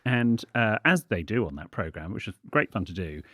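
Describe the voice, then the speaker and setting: Male podcast co-host, English, arch and theatrical, lively pitch, dry close mic. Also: moderate pace, no echo. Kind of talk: comic podcast banter.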